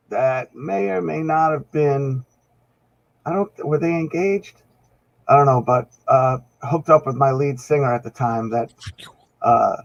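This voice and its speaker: This podcast guest, a musician in a band, has a gravelly mid-range voice, and the audio sounds dull. Chatting casually, he wanders through anecdotes and performs the quoted lines himself.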